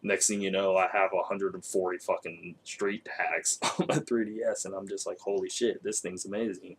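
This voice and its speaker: A man talking casually about video games in an animated way, laughing often and swearing. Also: low voice, moderate pace, breathy edge. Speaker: co-host. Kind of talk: casual gaming chat.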